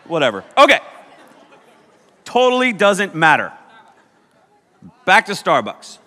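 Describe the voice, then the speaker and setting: Lively young preacher joking in a hall. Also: male voice, sits high, takes it slowly. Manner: joking, animated, teasing the crowd. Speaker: youth pastor. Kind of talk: comedic sermon. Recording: long hall reverb.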